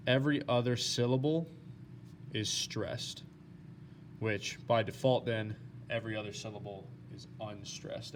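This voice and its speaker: A man teaching a recorded lesson, explaining slides step by step in a plain, steady way with some fillers. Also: medium pitch, a little hiss or hum.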